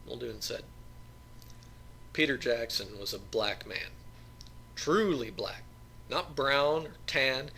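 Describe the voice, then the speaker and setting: A man reading a novel aloud as an audiobook narrator, in plain, steady storytelling. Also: medium pitch, takes it slowly, vocal fry, pauses often, slight background noise.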